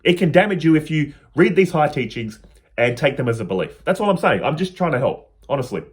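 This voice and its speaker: A man's voice: fairly high pitch, big pitch swings, a little fast. Earnest man explaining spiritual ideas. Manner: earnest, personal, plain-spoken. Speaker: spiritual teacher. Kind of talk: explaining spiritual teachings to camera.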